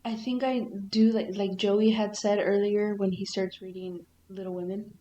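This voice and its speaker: A woman co-host chatting casually and playfully, laughing a lot and acting out her own inner voice. Her voice is at an ordinary middle pitch. The recording sounds roomy, with faint ambient noise behind her. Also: little pitch movement, moderate pace, dark tone. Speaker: podcast co-host. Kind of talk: casual chat.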